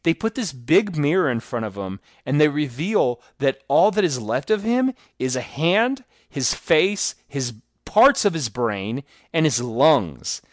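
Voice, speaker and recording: Animated man mocking a movie, dry sound. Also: on the high side, unhurried, hardly any pauses, no echo. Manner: animated, mocking, acts out quotes. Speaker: podcast co-host. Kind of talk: casual movie review chat.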